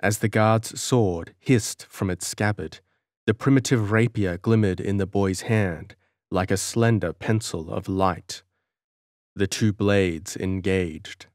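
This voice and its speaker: A man narrating an audiobook in a measured, dramatic storytelling manner. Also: low-pitched, a little mellow, no echo, studio quality.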